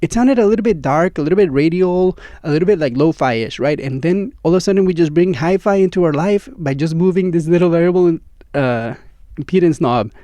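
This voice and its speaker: A man's voice: a little high, lively intonation, fairly quick, dark tone, no room sound. Chatty man testing mics in a dry studio. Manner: enthusiastic, chatty, addresses viewer as friend. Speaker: gear reviewer. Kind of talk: casual demo talk to camera. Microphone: studio microphones, swapped during test. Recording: dry close studio sound.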